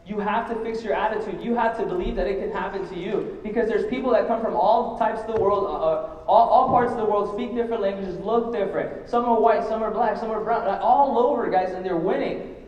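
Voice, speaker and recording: High-voiced young man preaching in a hall. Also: a little fast, a little hiss or hum. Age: 20s. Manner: fervent, rallying the crowd with questions; emotional, near tears. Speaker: motivational speaker at a company event. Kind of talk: motivational stage speech. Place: large event hall. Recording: echoey hall from far off, dull.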